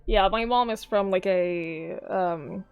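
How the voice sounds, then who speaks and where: A woman's voice: medium pitch, takes it slowly, smooth, dry recording, highs cut off, soft background music. A young Norwegian woman with a Norwegian accent in English, chatting casually with her live-stream viewers and reading their messages aloud. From Norway. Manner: chatty, musing aloud, swears casually, reads chat aloud. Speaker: game streamer.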